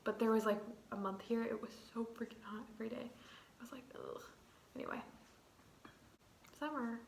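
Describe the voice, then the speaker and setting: A woman's voice: a little high, steady tone, quick pace, vocal fry, roomy sound, a little hiss or hum, poor audio. A young woman in her twenties, chatting casually as a vlogger, rambling with lots of "like.". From United States. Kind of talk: casual chat.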